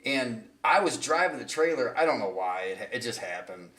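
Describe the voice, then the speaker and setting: A man's voice: mid-range voice, animated, moderate pace, fairly bright tone, recorded from a distance. Rambling, profane man telling stories. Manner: profane, rambling, laughs at his own stories. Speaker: podcast host telling stories. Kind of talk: casual storytelling chat. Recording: roomy sound, away from the mic.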